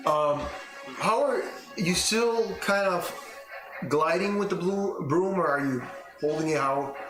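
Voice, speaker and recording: A man narrating a tabletop game as game master, describing scenes haltingly with frequent restarts. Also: high voice. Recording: echoey room with music behind.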